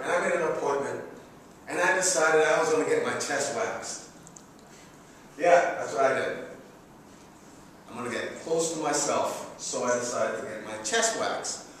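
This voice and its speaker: Brief: middle-aged male speaker, slightly higher voice, comic self-mocking storyteller, echoey hall mic from afar. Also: far from the mic, a little hiss or hum. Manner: animated, chatty, self-mocking. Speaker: public speaker. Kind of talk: humorous speech storytelling. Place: large hall. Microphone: distant room mic.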